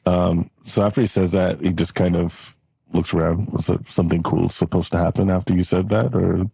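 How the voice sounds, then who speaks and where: Man game master, rambling narration, low lively voice, husky, dry. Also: normal speed, dry recording.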